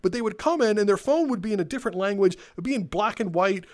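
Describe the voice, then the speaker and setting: Man, young adult, slightly high voice, exasperated, sarcastic, profane comedic rant. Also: lively intonation, fast talker. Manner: sarcastic, exasperated, swears freely. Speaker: comedic storyteller.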